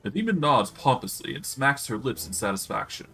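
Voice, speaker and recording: A man streaming a video game, reading its narration aloud in a lively way. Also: mid-range voice, a little fast, creaky, few pauses, soft background music.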